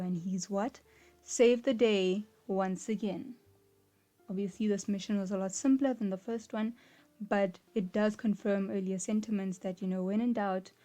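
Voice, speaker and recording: A young woman casually talking through an anime storyline, lively and chatty, often dropping "like" and "right?". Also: mid-range voice, moderate pace, faint music behind. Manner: animated, acts out quoted characters, frequent "like" and "right?". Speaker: anime video essayist. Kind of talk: casual commentary.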